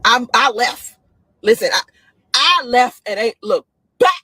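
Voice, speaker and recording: A woman talking casually on a live stream, excitable and laughing often, her voice swooping up high. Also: a little slow, slightly rough, dry recording. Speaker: live-stream host giving dating opinions.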